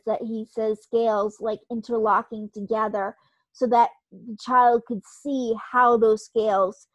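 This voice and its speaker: A woman's voice: fairly high pitch, darkish tone, no echo, muffled recording. A woman writing instructor talking through a recorded online lecture in a conversational way, explaining with examples.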